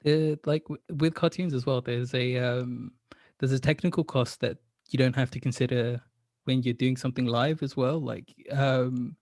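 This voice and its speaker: A man's voice: medium pitch, steady tone, normal speed, a little mellow, no echo, studio quality. Enthusiastic man, filler-heavy chat. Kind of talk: casual podcast chat.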